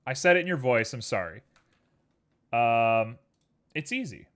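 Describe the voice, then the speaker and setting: A man's voice: mid-range voice, big pitch swings, a little slow, a bit bright. Playful man chatting to his viewers. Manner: playful, jokey, rambling asides to chat. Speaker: streamer. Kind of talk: casual chat while working.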